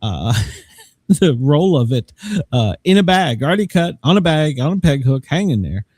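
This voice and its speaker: A man's voice: on the high side, big pitch swings, normal speed, a little mellow, no echo. A male podcast host talks in a loose, rambling way and keeps breaking into laughter at his own stories. His voice swings widely up and down as he tells them. The sound is dry and close, with no room around it. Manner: joking, rambling, laughs often. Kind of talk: casual chat.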